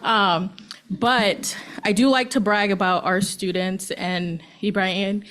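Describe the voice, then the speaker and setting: A woman presenting a student award at a school board meeting. She speaks off the cuff, halting with frequent ums, and grows emotional. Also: mid-range voice, steady tone, a bit bright. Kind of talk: nervous unscripted speech at a board meeting. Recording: public meeting room.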